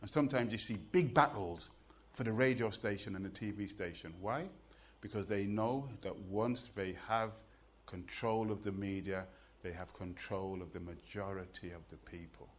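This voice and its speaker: A middle-aged man with a Birmingham Jamaican accent, telling jokes and stories and reciting poetry on stage in an animated, rhythmic way. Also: lowish voice, moderate pace. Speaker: poet and performer. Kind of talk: live storytelling and poetry performance.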